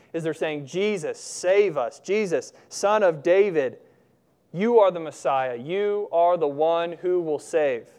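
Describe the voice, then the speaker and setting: Conversational preacher man with a smooth voice. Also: a little high, a little mellow. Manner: conversational, digressive, humorous asides. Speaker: pastor. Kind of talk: sermon.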